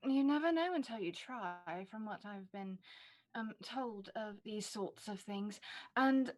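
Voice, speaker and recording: Brief: woman doing a refined vampire matchmaker in a tabletop game, smooth and gently persuasive. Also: mid-range voice, animated, a little slow, natural voice. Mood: coaxing. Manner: genteel, says "darling". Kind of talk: in-character role-play.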